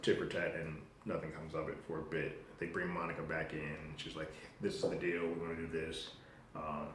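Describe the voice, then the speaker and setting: A deep-voiced man talks loosely through a TV episode recap, slipping into the characters' quoted lines and restarting his sentences as he goes. He sounds like he is in a very echoey room with a faint hiss underneath. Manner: animated retelling with acted-out quotes, swears, loose restarts. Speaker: show host reviewing a TV episode. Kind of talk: casual spoken recap and review.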